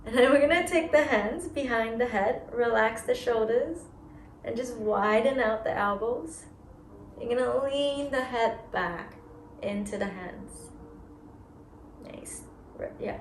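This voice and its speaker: Slow, calm woman yoga teacher. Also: a little high, roomy sound, a little hiss or hum. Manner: slow, soothing breath cues. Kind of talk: guided yoga class instruction.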